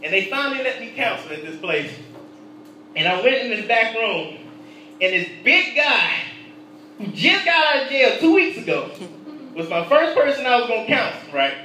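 A man preaching a sermon, telling a personal story with laughter and swinging between hushed and loud delivery. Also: very high-pitched, sing-song, moderate pace, very echoey, recorded from a distance, a little hiss or hum, rough recording.

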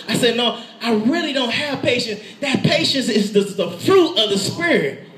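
A man preaching a lively sermon with an animated, playful delivery, laughing and shouting in bursts. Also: extremely high pitch, normal speed. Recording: echoey room.

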